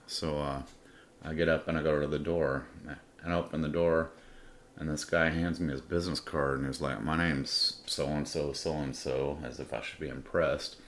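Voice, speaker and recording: Very deep-voiced, profane man telling a story. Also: steady tone, moderate pace, a little hiss or hum. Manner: blunt, swaggering, heavy swearing. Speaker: podcast storyteller.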